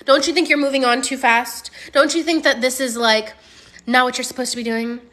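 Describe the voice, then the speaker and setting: A woman's voice: sits high, steady tone, a little fast, fairly bright tone. A woman putting on an exaggerated, theatrical impression of a heartbroken grown man begging to be taken back. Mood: melodramatic begging. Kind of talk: mocking impression in casual chat.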